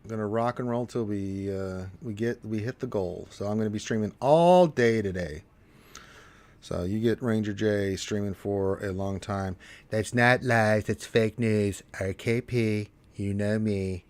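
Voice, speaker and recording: A man's voice: lowish voice, unhurried. A man hosting a live stream in casual chat, joking, rambling and reading out viewer comments. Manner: joking, rambling, loud bursts.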